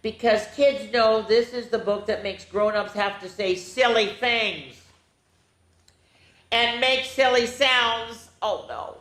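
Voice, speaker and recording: A woman hosting a children's storytime, reading a book aloud in a playful, animated way with silly sounds and voices. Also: fairly high pitch, takes it slowly. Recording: echoey room.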